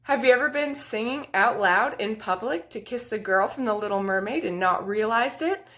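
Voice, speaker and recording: A young woman with a somewhat high voice rattles off absurd one-liners in flat, deadpan comedy delivery. She is recorded on a makeshift household mic in an echoey room. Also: moderate pace. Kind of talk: deadpan comedy sketch monologue. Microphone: household item used as a mic.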